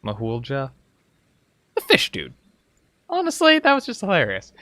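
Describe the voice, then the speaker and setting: A man's voice: fairly high pitch, wildly swooping pitch, moderate pace, sharp tone, dry recording. A man giving casual, playful gameplay commentary as a streamer, reacting with laughter. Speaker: gaming streamer.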